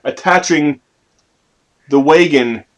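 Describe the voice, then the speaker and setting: A man narrates as game master for a family tabletop game, his voice sitting on the higher side for a man. He keeps the telling playful and lively, with sudden loud bursts at dramatic moments. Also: takes it slowly.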